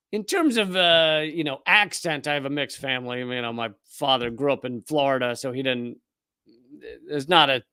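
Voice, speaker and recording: Hosting a live political commentary stream, this Southern-accented man from Richmond, Virginia answers his chat in a quick, sardonic way with frequent restarts. The voice is a little high, bright, forceful and smooth, captured in clean studio sound with no room sound.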